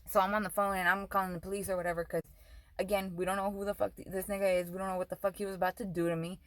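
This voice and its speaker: A woman's voice: medium pitch, steady tone, fast talker, no echo, poor audio. Heated profane young woman ranting. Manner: profane, heated, switches between English and Spanish. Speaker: vlogger. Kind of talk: casual storytime rant.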